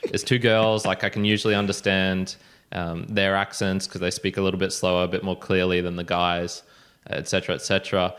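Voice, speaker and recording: A man, hosting a podcast and chatting casually in a relaxed way. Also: sits low, a little fast, clear, resonant tone. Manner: relaxed, frequent agreeing fillers. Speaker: podcast host. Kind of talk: casual chat.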